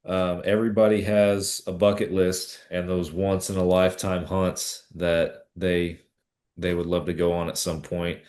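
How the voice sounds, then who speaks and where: A man with a deep, darkish voice hosts a casual podcast interview, speaking at a measured pace with a level tone. He's easygoing but hesitant, often restarting his sentences.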